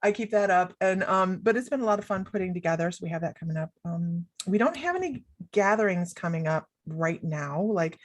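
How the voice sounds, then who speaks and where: A woman's voice: on the low side, dry recording. A middle-aged woman chatting as a guest, bubbly and rambling, often breaking into laughter. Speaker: guest, psychic medium. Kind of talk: casual chat.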